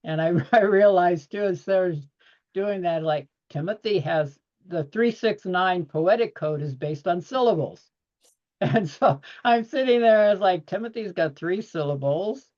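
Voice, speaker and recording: A man's voice: sits high, a little slow, darkish tone. A man speaking as a guest on a panel discussion over a video call, earnest and expansive, laughing often as he talks. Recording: dull lo-fi audio.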